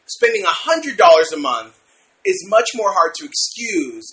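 A man's voice: high-pitched, big pitch swings, unhurried, pushed and bright. A man co-hosting a podcast in casual chat, rambling with restarts and laughing often. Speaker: podcast co-host.

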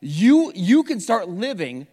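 Middle-aged male pastor, high animated voice, casual energetic sermon, long hall reverb. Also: takes it slowly. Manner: energetic, conversational preaching with repetitions. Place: church sanctuary.

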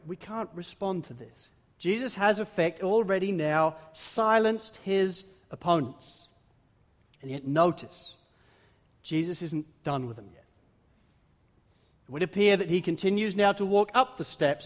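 A man preaching a sermon, with dramatic swings between loud exclamations and hushed emphasis. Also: high voice. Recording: long hall reverb.

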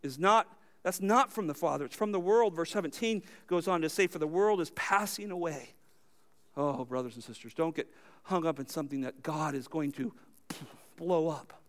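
A high-pitched man delivers a sermon with real emphasis. He poses questions to the congregation and answers them himself, his voice leaping up loud and then sinking low and soft. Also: normal speed. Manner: emphatic, swinging between loud high lines and low quiet ones. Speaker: pastor.

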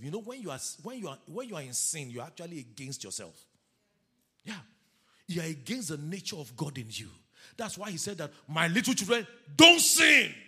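A man preaching a sermon as pastor, animated, calling the congregation to read scripture aloud with him. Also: fairly high pitch, slightly rough.

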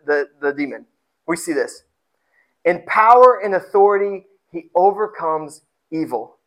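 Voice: mid-range voice, a bit bright, rough recording. Emphatic preacher asking rhetorical questions. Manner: repeats words and phrases for emphasis. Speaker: pastor. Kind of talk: sermon.

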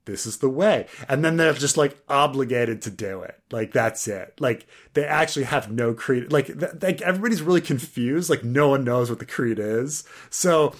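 A man's voice: mid-range voice, expressive, normal speed, few pauses. A man co-hosting a casual review podcast, rambling and sarcastic, with frequent stammers and restarts. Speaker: podcast co-host.

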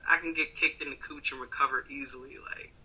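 A woman from Wisconsin, a comedian in her thirties, telling a story in casual chat on a phone call, animated and laughing often. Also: rumbling low, fast, slight background noise. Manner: animated, laughing often, swings between loud and quiet. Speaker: comedian guest.

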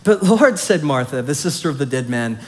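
A man preaching a sermon, reading scripture and retelling the story in a conversational, animated way with fillers. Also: mid-range voice, a little fast. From Southern California. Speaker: pastor.

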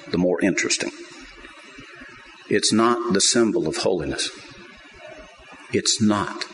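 A middle-aged man preaching a sermon, swinging between quiet asides and loud emphatic points. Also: low voice, a little hiss or hum, low-quality recording. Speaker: pastor.

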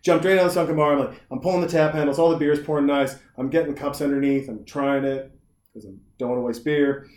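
A man's voice: on the high side, fairly even intonation, quick pace, darkish tone. A young adult man from Montana, a podcast host telling long rambling stories in casual chat. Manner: rambling storyteller, acts out voices. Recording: echoey room.

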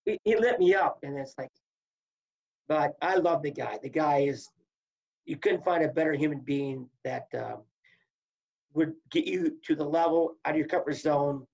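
A man's voice: fairly high pitch, moderate pace, creaky, husky, highs cut off. A man, a former wrestler, telling stories in casual talk and acting out what people said. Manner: animated storyteller acting out quotes. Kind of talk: casual storytelling.

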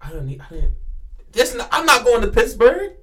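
A man's voice: extremely high pitch, wildly swooping pitch, moderate pace, crowd noise. A man co-hosting a casual podcast, talking emphatically and teasing his friends. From Pennsylvania, US. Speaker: podcast co-host. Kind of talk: casual chat.

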